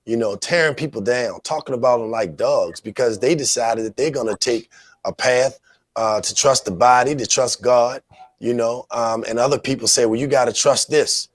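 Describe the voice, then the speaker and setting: An earnest man hosts a talk show and gives commentary in a loose, conversational way, with plenty of filler phrases. His voice sits at a middle pitch. The recording is dry, with almost no room sound. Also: moderate pace, no echo. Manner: earnest, conversational, leaning on "you know". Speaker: host.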